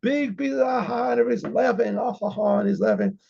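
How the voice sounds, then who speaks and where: A rabbi telling a story in a rambling way, with many fillers and frequent throat clearing. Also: male voice, extremely high pitch, fast talker, warm tone, lo-fi sound. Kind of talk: storytelling talk.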